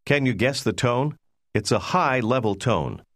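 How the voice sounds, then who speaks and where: A man giving scripted instructions in a language course, prompting the listener in a clear, measured way. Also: medium pitch, animated, no echo, studio quality.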